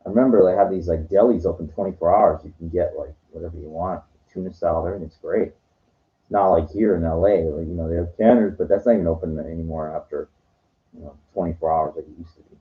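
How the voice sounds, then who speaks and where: A man telling meandering personal stories, filled with "you know" and often trailing off quietly. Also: low-pitched, fast, narrow, tinny audio. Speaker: vlogger. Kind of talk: rambling personal storytelling. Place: lives in Los Angeles.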